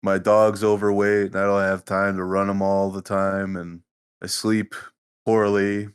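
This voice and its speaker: Deadpan male podcast co-host, lower voice, dry humor. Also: a little slow, clean tone. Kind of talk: casual chat.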